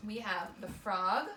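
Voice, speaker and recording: A woman teaching a small-group lesson to children, upbeat and encouraging, calling them friends. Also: medium pitch. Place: indoor room with children nearby. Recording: roomy, distant, noisy.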